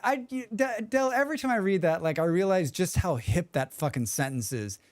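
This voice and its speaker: A male game streamer with a fairly high, very lively voice, joking and rambling to his viewers. He hums and riffs between thoughts, close to a desk mic in a dry room. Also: fairly quick, no echo. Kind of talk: casual livestream chat.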